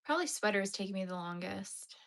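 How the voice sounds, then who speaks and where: A young woman chats loosely with her viewers as she crochets at home, hosting a relaxed livestream. Her voice sits mid-range for a woman, and she often drifts from lively asides down to soft, half-whispered murmurs. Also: medium pitch, brisk, gravelly. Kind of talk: casual livestream chat while crocheting. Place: home crafting room.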